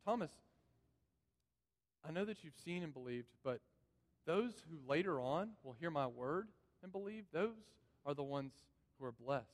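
A pastor's slightly high voice moves with lively intonation at normal speed as he gives an earnest sermon, repeating key phrases. It's recorded in a church sanctuary with long reverb.

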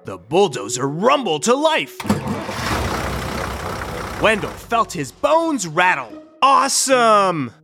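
Woman reading a kids story, super expressive, slow, faint music behind. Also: fairly low pitch. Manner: animated, expressive read-aloud. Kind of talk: storybook narration.

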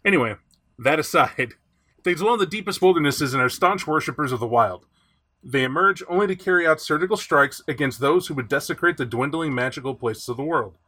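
Male podcast host, higher voice with a bright edge, chatty. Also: a little fast, husky. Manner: animated, chatty, reads aloud from a rulebook. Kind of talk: casual podcast chat.

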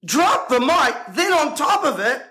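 High, bright-voiced indignant preacher man. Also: very animated, a little slow, poor audio. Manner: emphatic, combative, rhetorical questions. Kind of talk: indignant monologue to camera.

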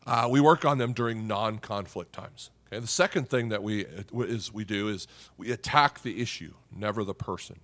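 A middle-aged pastor preaches conversationally at a moderate pace in a voice on the low side. He often tags points with "okay?" and "right?", dropping soft and quiet on serious points.

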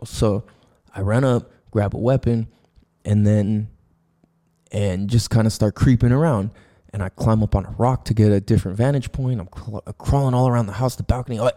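A man's voice: on the low side, normal speed, dark tone. A man hosting a podcast in a casual monologue, talking loosely and profanely, with many fillers and restarts, acting out sounds and his own quoted thoughts as he tells a story. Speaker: podcast host.

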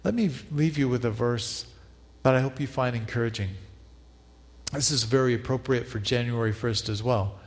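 Pastor preaching in a reverberant hall. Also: male voice, medium pitch, moderate pace. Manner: reflective, leads congregation in repeated prayer. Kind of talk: sermon.

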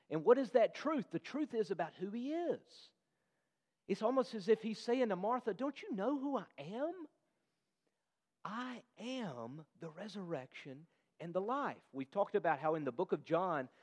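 A man delivers an earnest sermon, often turning to his listeners with questions. His voice sits a little high. The sound rings with a long reverb from a big hall. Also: darkish tone. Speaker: pastor.

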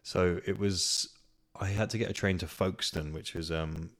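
A man's voice: deep voice, fairly even intonation, normal speed, fairly bright tone. A young man hosting a casual solo podcast, chatty and rambling, swearing freely. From Kent, England. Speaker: podcast host. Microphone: podcast microphone.

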